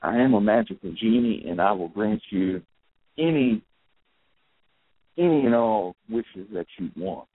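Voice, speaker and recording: A man's voice: on the low side, expressive, measured pace, pauses often, breathy edge, dry recording. A man voicing an exasperated male genie who blusters and protests. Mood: grateful. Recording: tinny phone-like, dry.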